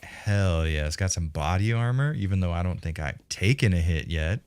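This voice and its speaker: A man's voice: sits low, normal speed, a little mellow, slight background noise. A young man live-streaming a shooter game, cursing freely and trash-talking enemies, sometimes dropping to a whisper when sneaking. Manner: profane, cocky trash talk at game enemies. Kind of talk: casual live-stream commentary.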